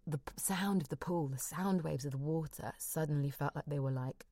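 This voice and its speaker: A woman's voice: deep voice, brisk, warm tone, no room sound, studio quality. A woman telling a personal story frankly and with animation in casual chat, swearing freely.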